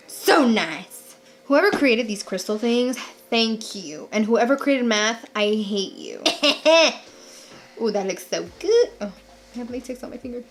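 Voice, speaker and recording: A young woman with a slightly high voice talks through a makeup tutorial in a loose, casual way. She is bubbly and jokey and gasps with delight at her products. Soft music runs underneath. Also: measured pace. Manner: bubbly, gasping, jokey and excitable. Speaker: makeup vlogger.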